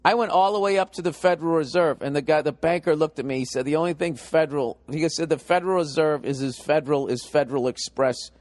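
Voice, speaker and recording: Ranting in a thick Boston accent, a middle-aged stand-up spits out profane, exasperated lines quickly, barely pausing. His voice runs slightly high for a man, and the dry, close-miked sound has no echo.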